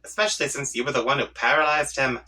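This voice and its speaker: A man's voice: mid-range voice, fairly even intonation, quick pace, pushed and bright, distant mic, rough recording. A man reading a comic aloud, voicing an irritable young male troll leader who rants in prickly bursts. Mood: ranting. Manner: prickly, ranting.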